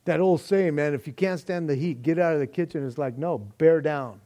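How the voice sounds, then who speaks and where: High-voiced animated male preacher. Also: brisk. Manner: animated, acts out quoted voices, says "man" often. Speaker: pastor. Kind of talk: sermon.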